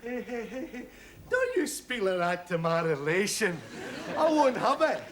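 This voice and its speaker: An actor playing a boisterous, swaggering Scottish football fan with a Scottish accent in a 1970s sitcom. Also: male voice, high voice, wildly swooping pitch, unhurried, crowd noise, exaggerated voice. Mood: brash. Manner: loud, swaggering, pushy. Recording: studio sitcom with audience laughter.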